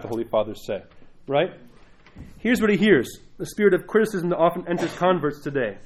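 Fast-talking priest giving a lively sermon. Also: male voice, on the high side. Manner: acts out inner voices in quotes; conversational, often adds "right?". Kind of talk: teaching talk to a congregation.

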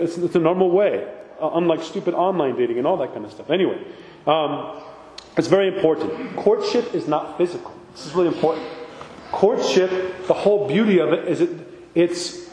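A man's voice: a little high, lively intonation, a little fast, warm tone, slight background noise. A man, an Orthodox priest, giving an informal sermon talk, conversational and full of rhetorical asides. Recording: echoey hall with long reverb.

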